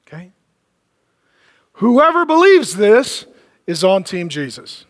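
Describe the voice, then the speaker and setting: High-voiced pastor preaching in a reverberant hall. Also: male voice, sing-song, slow pace, pauses often. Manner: humorous storytelling, drops to low emphatic lines. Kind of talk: sermon.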